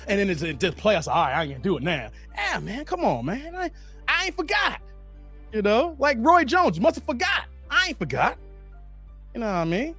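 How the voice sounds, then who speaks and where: Hosting a stream, an animated man around 40 with a high voice reads out viewer comments and talks casually with his chat. He uses plenty of slang and laughs often.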